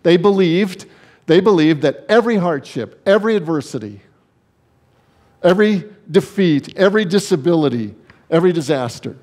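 A man's voice: fairly high pitch, lively intonation, moderate pace, darkish tone. A male pastor preaching a sermon, emphatic, with repeated phrases for weight.

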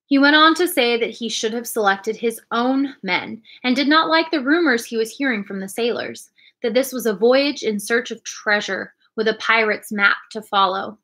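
Brief: woman reader, clear storytelling delivery, bright voice. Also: a little high, moderate pace. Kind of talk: reading a children's storybook aloud.

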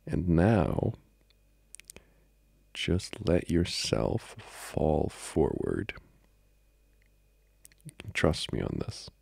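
A man's voice: low voice, very animated, drawn-out words, gravelly, long pauses, slightly rough, no echo, full character voice. A man playing a whispering needy boyfriend. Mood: playful, coaxing. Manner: soft intimate whispering with giggles. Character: needy playful young boyfriend, clingy and teasing. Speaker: ASMR role-play creator. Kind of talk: whispered role-play.

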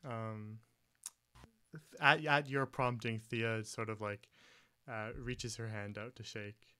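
A man narrating as game master of a tabletop game, relaxed and chuckling, with many pauses. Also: fairly low pitch, clear, resonant tone.

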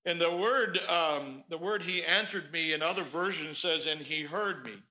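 A male pastor delivers a sermon in a church sanctuary with a notably high-pitched voice. His tone is very bright and cutting. He tells the story in an animated, conversational way. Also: moderate pace, low-quality recording.

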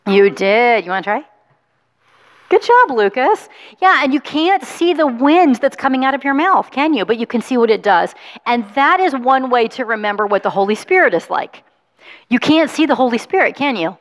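A woman pastor with a fairly high voice reads the gospel and talks gently to children. She coaxes and encourages them. Her voice carries a long reverb through a church sanctuary. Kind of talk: gospel reading and children's sermon.

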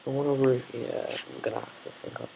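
A man's voice: mid-range voice, fairly even intonation, fast, vocal fry, noisy background. A man casually commenting on his own gameplay, muttering, swearing and thinking aloud while he builds. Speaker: gameplay video maker.

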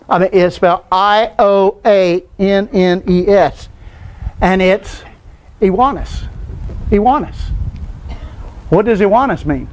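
Older guy teaching bible class, kinda high voice, quizzes the room then answers himself. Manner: asks the class questions and answers them himself.

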